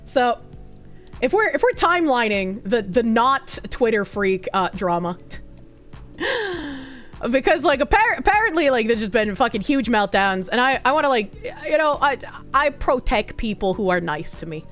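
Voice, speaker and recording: A woman's voice: a little high, very animated, normal speed, fairly bright tone, soft background music. A woman streamer chatting casually with her viewers, swearing often and rambling off on tangents. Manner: swears a lot, rambling and self-interrupting. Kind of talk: casual live-stream chat.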